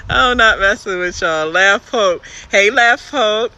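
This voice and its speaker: Bright, laughing Baltimore woman. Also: medium pitch, slow pace, slight background noise. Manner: animated, laughing often, profane. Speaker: truck driver and live streamer. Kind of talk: casual live-stream chat, reading viewer comments.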